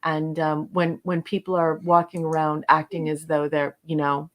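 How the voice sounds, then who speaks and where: A woman co-hosting a podcast, chatting casually through a review, halting with frequent fillers and restarts. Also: low voice, flat delivery. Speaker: podcast co-host. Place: lives in Canada.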